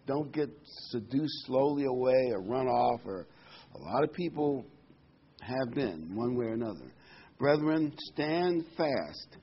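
A man's voice: mid-range voice, expressive, moderate pace, husky. Older male preacher, conversational sermon. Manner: conversational preaching with hesitant restarts. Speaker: pastor. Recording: dull lo-fi recording with faint noise.

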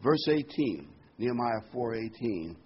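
A man delivers a folksy sermon. He tells corny jokes and pauses on frequent ums, at an everyday middle pitch. The recording sounds a little dull, with a faint hiss of room noise behind him. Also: sing-song. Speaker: preacher.

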